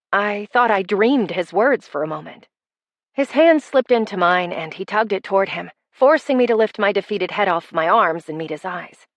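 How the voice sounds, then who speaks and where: A woman narrating a first-person romance audiobook with wry, expressive delivery. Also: mid-range voice, no echo.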